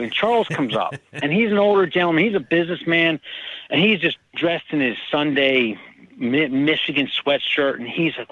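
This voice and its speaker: A man, an author, telling personal stories in casual conversation and lively acting out the people in them. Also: fairly high pitch, normal speed, no echo, lo-fi sound. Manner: animated, acts out quoted people. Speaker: author guest. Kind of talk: casual storytelling.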